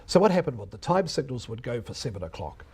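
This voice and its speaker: An older man lectures broadcasting students about his early radio days. His husky voice rises and falls with lively, animated pitch as he slips into impressions of stiff old announcers. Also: fast talker. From New Zealand. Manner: anecdotal, mimics old announcers, chuckles often. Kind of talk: reminiscing lecture.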